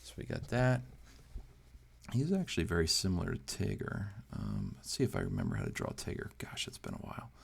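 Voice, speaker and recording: A deep, creaky, slightly rough voice swings hugely in pitch and moves fairly quickly. It belongs to an amateur artist who hosts a drawing channel, chatting casually as he draws, thinking aloud and mocking his own uncertain attempts.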